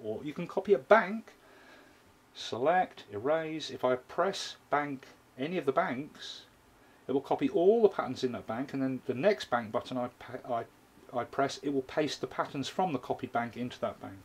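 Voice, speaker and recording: A man's voice: medium pitch, lively intonation, moderate pace, breathy edge. Man demonstrating a drum machine step by step. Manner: explains step by step while playing a drum machine. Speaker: music gear reviewer. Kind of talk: hands-on tutorial demonstration.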